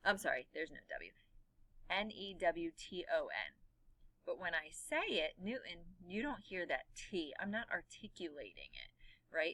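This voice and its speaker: Bright-voiced woman teacher explaining a lesson. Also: low-pitched, no echo, rough recording. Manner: quick, animated explaining with demonstrations of her voice. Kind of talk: recorded class lesson.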